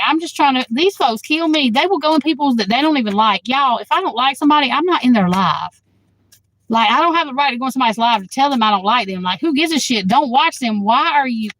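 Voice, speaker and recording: A woman tarot reader chatting casually to her livestream viewers, blunt and outspoken, swearing freely and quick to flare up at the chat. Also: fairly high pitch, fairly bright tone, dry recording, poor audio.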